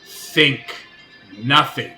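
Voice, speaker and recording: A man voicing a gross, odd male god with bobbling plastic eyes, speaking in a low, drawn-out, oily courteous way. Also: roomy sound, full character voice. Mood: offering. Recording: loud background music.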